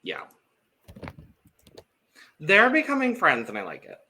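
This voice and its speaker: A man in casual podcast chat, with a bright tone and a pitch that swings widely. He drops dry, sarcastic one-liners. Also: huge pitch swings, a little slow, slightly rough. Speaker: podcast co-host.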